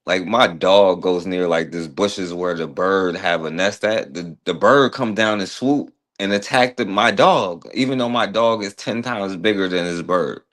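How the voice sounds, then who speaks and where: A man's voice: deep voice, fairly bright tone. A man hosting a radio talk show, talking loosely and conversationally, turning to his co-host for his take. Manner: loose, conversational, asks co-host's view. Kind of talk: casual opinion talk.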